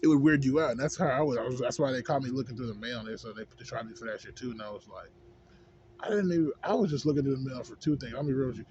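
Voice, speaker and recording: A man's voice: mid-range voice, rapid-fire, crowd noise. A man in a casual, rambling rant, heavy on swearing and on "you know what I'm saying". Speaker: vlogger. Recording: dull lo-fi with faint background noise.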